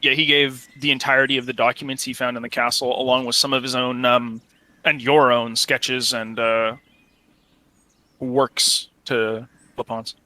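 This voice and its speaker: Very bright-voiced male game master. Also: mid-range voice, level tone, moderate pace, dry recording. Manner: casual, describing scenes. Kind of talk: narrating a tabletop game.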